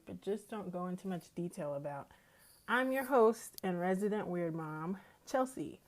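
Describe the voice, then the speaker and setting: Chatty woman podcaster. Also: on the low side. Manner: chatty, easygoing, laughs often. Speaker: podcast host. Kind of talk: casual chat.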